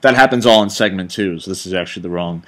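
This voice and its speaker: Man, low voice, rambling, enthusiastic, casual commentary host. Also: quick pace. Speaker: director hosting a commentary.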